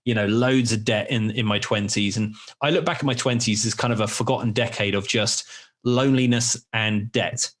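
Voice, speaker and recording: A man's voice: on the low side, steady tone, normal speed. A man in his forties hosting a podcast, telling candid, rambling stories in casual chat with some swearing. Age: 40s. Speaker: podcast host.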